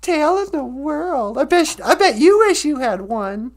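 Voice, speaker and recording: A man voicing a proud, vain male beaver in a told folk story, loud and boastful with his voice pushed higher. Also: expressive, unhurried, full character voice.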